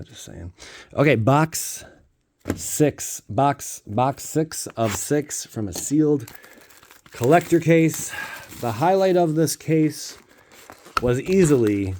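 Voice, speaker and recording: Deep-voiced playful pack-opening vlogger. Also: male voice, darkish tone. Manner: playful, jokey, with sudden goofy outbursts and rambling asides. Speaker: card-opening YouTuber. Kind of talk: casual pack-opening commentary.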